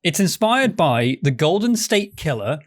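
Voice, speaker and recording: A man with a fairly high voice hosts a relaxed podcast conversation. He talks wryly, cracking jokes as he reads a submitted pitch aloud. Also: unhurried. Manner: wry, joking, reads aloud from a script. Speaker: podcast host. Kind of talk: casual podcast chat.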